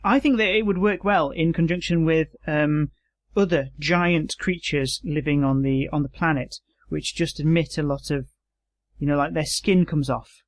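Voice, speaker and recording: A man's voice: fairly high pitch, moderate pace. A man co-hosting a podcast, chatting casually and joking, sometimes reading text aloud plainly. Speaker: podcast co-host. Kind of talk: casual chat.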